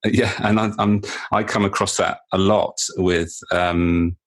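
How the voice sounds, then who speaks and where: A man's voice: deep voice, fairly even intonation, measured pace. A man hosting a podcast interview, speaking hesitantly and repeating words as he thinks aloud. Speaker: podcast host.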